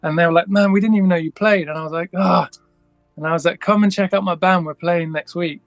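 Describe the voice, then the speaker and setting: A man's voice: sits high, steady tone, fast, no echo, faint music behind. A man, a guest musician, telling a long story in a casual interview, rambling with many restarts and acting out the dialogue.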